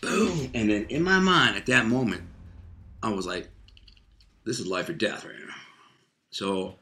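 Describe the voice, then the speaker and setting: Man, streetwise storyteller, bright voice, echoey room, faint music behind. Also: on the low side, unhurried. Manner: streetwise, animated, acts out voices and sound effects. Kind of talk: casual spoken storytelling.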